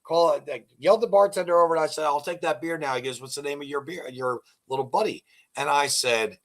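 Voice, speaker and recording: A man's voice: fairly high pitch, fast, fairly bright tone. An older man with a slightly raised voice hosts a casual interview. He rambles through jokes and stories, putting on voices for the people in them. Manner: rambling storyteller, acts out joke dialogue. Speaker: podcast host.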